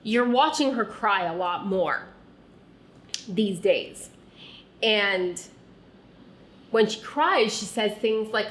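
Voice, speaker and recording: A woman recounts her own past, speaking straight to the listener as "you". Her voice sits at an ordinary pitch and moves at a slow, unhurried pace. She sounds earnest and often sinks into a soft, quiet tone. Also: animated. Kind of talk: reflective second-person personal narration.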